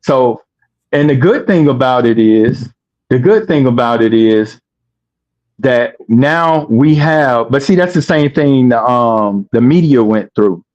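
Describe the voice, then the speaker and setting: A man in casual talk, speaking slowly and deliberately with fillers. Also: mid-range voice, lively intonation, darkish tone. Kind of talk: casual talk about media. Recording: dull lo-fi sound.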